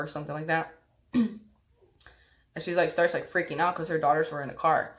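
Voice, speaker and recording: Low-voiced young woman rambling through a story. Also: steady tone, a little fast. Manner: rambling with many fillers and restarts. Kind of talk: casual storytime vlog.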